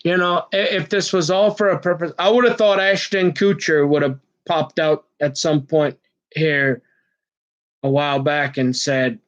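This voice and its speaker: Rambling man with a higher voice. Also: steady tone, unhurried, fairly bright tone. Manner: rambling, repeats words and restarts often; earnest and agitated, jumps between topics. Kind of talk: rambling personal monologue.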